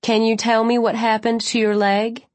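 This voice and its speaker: Woman voicing a brisk young paramedic. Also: on the high side, little pitch movement, a little mellow, dry recording, close to an everyday voice. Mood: urgent, clinical. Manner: clipped, urgent questions.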